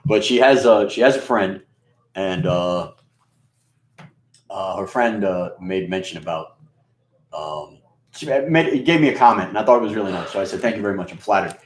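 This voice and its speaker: Speaking in a low, animated voice at normal speed, this New York host pauses often as he rambles through a casual, profane monologue packed with fillers and restarts. His voice is scratchy and rustic, his accent a Queens and Bronx blend, and the recording is roomy and echoey.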